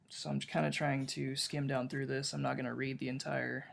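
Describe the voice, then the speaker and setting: A man's voice: medium pitch, level tone, normal speed, vocal fry, hardly any pauses. A man co-hosting a casual podcast book discussion, rambling, reading passages aloud and often restarting his sentences. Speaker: podcast co-host.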